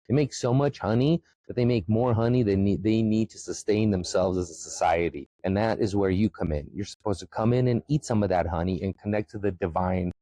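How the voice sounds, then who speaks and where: Podcast guy from the former soviet union ranting and swearing, lowish mellow voice, dry sound. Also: no echo, low-quality recording. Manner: swearing, emphatic, jumps to high excited pitch. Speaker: podcast host. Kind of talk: profane comedic rant.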